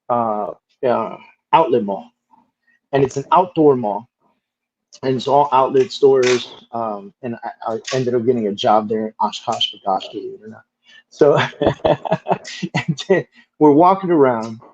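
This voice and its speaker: A man of medium pitch tells stories in a relaxed, lively interview style. He swears casually and leans on "like" as a filler. The audio is a bit dull and lo-fi. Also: a little hiss or hum. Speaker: interview guest.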